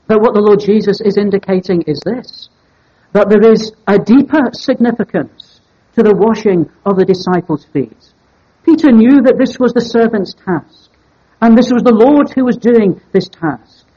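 A man preaching an evening Bible sermon in a measured, deliberate way, stressing key words as he teaches. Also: sits high, mellow, slightly rough. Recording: dull lo-fi sermon recording.

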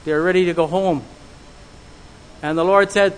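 A man preaching a sermon, earnest and measured, putting searching questions to his listeners. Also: sits high, fairly even intonation, poor audio.

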